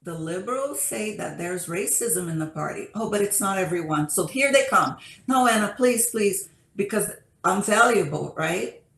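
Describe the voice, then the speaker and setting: A woman's voice: lowish voice, normal speed, vocal fry. Woman panelist, casual storytelling, restarts often, roomy echo on a call mic. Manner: animated storytelling with many restarts.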